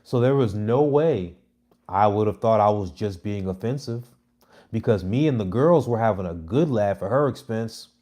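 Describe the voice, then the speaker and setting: A man in his thirties delivering a brash, mocking monologue to his viewers, with loud jabs and muttered asides. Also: lowish voice, lively intonation, moderate pace. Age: 30s. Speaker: comedy content creator. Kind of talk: casual provocative monologue.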